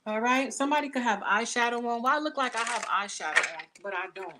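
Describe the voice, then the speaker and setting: A woman's voice: on the high side, expressive, fast talker, very noisy. A woman giving a casual tarot reading to camera, talking in blunt, slangy, profane chatter into the camera mic. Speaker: tarot reader.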